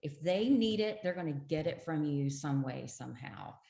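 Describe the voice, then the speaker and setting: A woman's voice: deep voice, animated, normal speed, creaky, mellow. A middle-aged woman, a guest in an interview, telling her own story earnestly and with emphasis. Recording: roomy echo.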